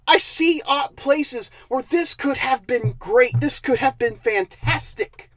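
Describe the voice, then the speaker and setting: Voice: medium pitch, dry recording. A movie reviewer ranting in a sarcastic, exasperated way, stumbling over words when worked up.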